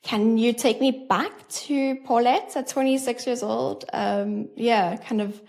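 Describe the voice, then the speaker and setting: A woman's voice: a little high, steady tone, slow pace, gravelly, darkish tone. A woman podcast host reading a scripted introduction, then asking thoughtful interview questions.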